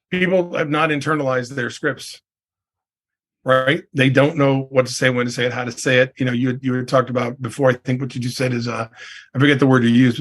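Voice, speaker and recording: A middle-aged man, a real estate coach, talking in a casual podcast interview with an emphatic manner, often tagging "right?" onto his points. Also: medium pitch. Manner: emphatic, leans on "I mean" and "right?".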